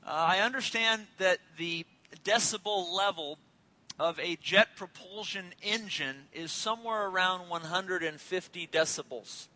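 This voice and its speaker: A man's voice: high-pitched, a little slow, sharp tone, poor audio. A man in his thirties preaching a sermon as a pastor, conversational and joking, telling family stories.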